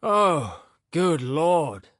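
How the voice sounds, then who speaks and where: An irritable older professor, sarcastic and exasperated, his voice jumping high with indignation and swinging widely, as a male audiobook reader puts him on. Dry and close, an audiobook character voice. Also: very animated, unhurried, no room sound.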